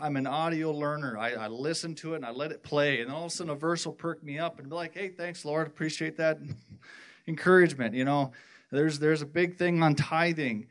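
At church, a man from the worship team gives a personal testimony in a fairly high-pitched voice. He rambles and halts, restarting again and again.

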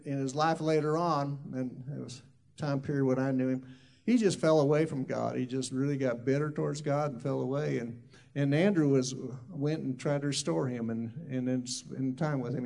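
A man's voice: on the high side, creaky, a little mellow. A man who is a minister, telling a loose, rambling testimony story full of asides.

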